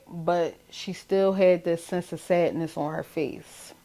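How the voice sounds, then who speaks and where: A middle-aged woman with a Philadelphia accent, a bereaved mother giving a halting, emotional account in a documentary interview, with many restarts. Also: on the low side, mellow.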